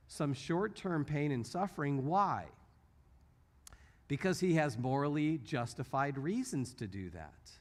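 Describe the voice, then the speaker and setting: A middle-aged man giving an apologetics teaching talk in a church, telling stories and acting out the people he quotes. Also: fairly high pitch. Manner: animated storytelling, acts out quotes. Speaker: apologetics speaker.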